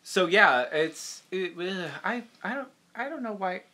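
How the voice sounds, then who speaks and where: A man's voice: high voice, expressive, bright, forceful tone. A young man from the Boston area, a puppeteer hosting a casual livestream chat, rambling and self-deprecating. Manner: rambling, self-deprecating, quick to jump into voices.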